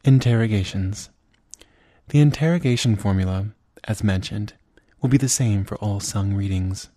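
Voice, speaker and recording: A man teaching liturgical chant, explaining each step in a measured way and then singing chanted examples. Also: on the low side, warm tone, dry recording. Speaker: chant instructor. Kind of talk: spoken lesson with sung examples.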